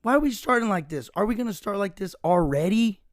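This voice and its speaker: A man with a hoarse, raspy voice hosting a casual solo podcast, rambling and self-mocking and saying "dude" a lot. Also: high voice, animated, fast, no echo, studio quality. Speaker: podcast host.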